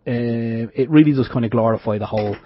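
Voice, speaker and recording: A man's voice: medium pitch, fairly quick. A man co-hosting an internet radio show, talking in a rambling, hesitant way with many restarts. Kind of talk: casual radio chat. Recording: dull lo-fi internet radio audio.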